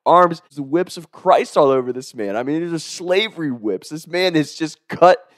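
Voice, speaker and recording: A man's voice: a little high, moderate pace, no room sound, studio quality. Laughing man telling a story. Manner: chuckles through the telling, profane, animated. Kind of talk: casual comedic storytelling.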